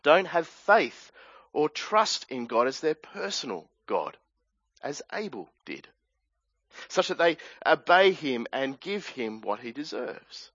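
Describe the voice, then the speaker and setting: Earnest Australian male preacher, a touch high, muffled dry sound. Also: very animated, takes it slowly, fairly bright tone, no echo. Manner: earnest, explanatory, with asides and restarts. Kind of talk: sermon.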